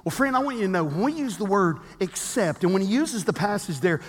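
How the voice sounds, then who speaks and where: High-voiced preacher guy in his 50s, swings all over the place, long hall echo. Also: fairly quick, few pauses, breathy edge. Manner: animated storytelling, acts out quotes. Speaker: pastor. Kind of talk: sermon.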